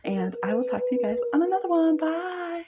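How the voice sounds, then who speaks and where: A woman giving a casual spoken tarot reading, chatty and quick, who laughs often. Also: extremely high pitch, big pitch swings, dark tone, dull audio. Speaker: tarot reader.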